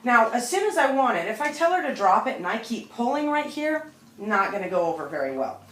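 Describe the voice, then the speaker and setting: A woman dog trainer calmly explaining a technique to viewers in a demonstration video. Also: on the high side, fairly quick. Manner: calm, explanatory, talks directly to viewers. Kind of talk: instructional demonstration to camera. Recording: echoey room.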